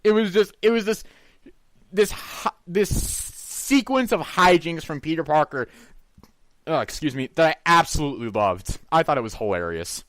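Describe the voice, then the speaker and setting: A man's voice: a little high, lively intonation, normal speed, a bit bright, dry recording. A man co-hosting a casual film review chat, laughing often and making wry, sarcastic remarks. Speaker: movie review co-host.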